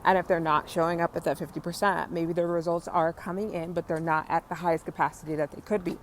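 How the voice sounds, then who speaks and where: A woman's voice: fairly even intonation, fast talker, slight background noise. A young adult woman hosting a spiritual business podcast, talking in a casual, effusive, motivational way while walking outside through her neighborhood, with casual swearing. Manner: effusive, swears casually, coos high at cats.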